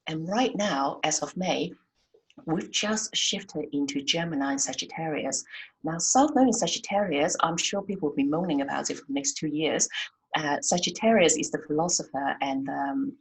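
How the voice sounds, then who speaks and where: A soft-spoken woman guest on a podcast, talking about astrology in a hesitant way, with many fillers. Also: low-pitched, moderate pace, gravelly, slightly rough, rough recording. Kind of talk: casual conversation.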